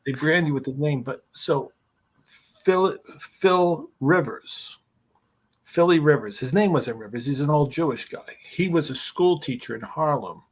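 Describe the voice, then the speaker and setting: Podcast guest: male storyteller, husky, swears freely, rambles through anecdotes. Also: on the high side, unhurried. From New York. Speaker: guest, screenwriter. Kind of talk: casual storytelling.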